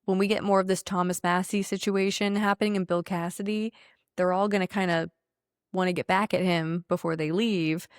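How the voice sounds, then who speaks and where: A woman with a slightly low voice talks through the news as a podcast co-host, sharp and sarcastic, swearing freely as she rants. The sound is dry and close to the mic, with no room around it. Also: fairly even intonation, a little fast, clean tone, no room sound. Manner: blunt, profane, sarcastic ranting. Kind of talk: casual political chat.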